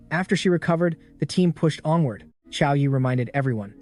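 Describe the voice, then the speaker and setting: A man's voice: on the high side, lively intonation, normal speed, few pauses, a little mellow. Man narrating a dramatic story recap. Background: faint background music.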